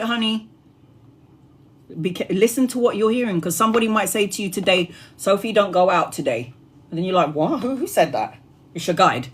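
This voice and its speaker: A woman tarot reader chatting casually on a live stream, animated and laughing, swearing freely and acting out what people say. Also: medium pitch.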